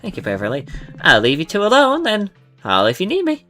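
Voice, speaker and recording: A man plays a bubbly, hospitable cafe owner in a role-play game, talking high and loud. The tone is bright and the pitch jumps about, while faint music plays behind. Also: huge pitch swings, a little fast, full character voice. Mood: cheerful. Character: cheerful generous cafe owner Beverly.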